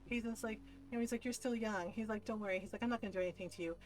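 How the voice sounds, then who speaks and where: A woman streamer telling a story in casual chat, animated, swearing freely and laughing often. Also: medium pitch, very fast, low-quality recording.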